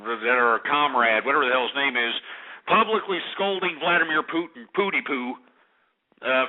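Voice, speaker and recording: A man hosting a political talk radio show, ranting angrily with profanity and insults. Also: mid-range voice. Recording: tinny phone-like radio audio.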